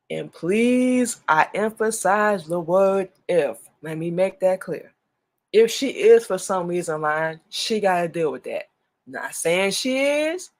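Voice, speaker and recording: A woman hosting a radio talk show, speaking earnestly in a casual monologue and repeating herself as she makes her point. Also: mid-range voice.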